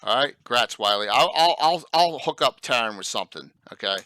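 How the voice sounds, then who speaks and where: A man's voice: medium pitch, expressive, brisk, bright, forceful tone, no echo. A man hosting a casual livestream sign-off, chatty and rambling, often repeating his words. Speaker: stream host.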